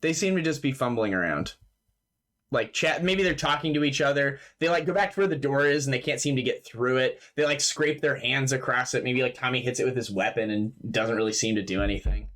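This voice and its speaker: A man's voice: mid-range voice, fairly quick, a bit bright. A man running a tabletop game as game master, narrating in a loose, casual way, laughing, swearing freely and filling his talk with "like" over an online voice chat mic.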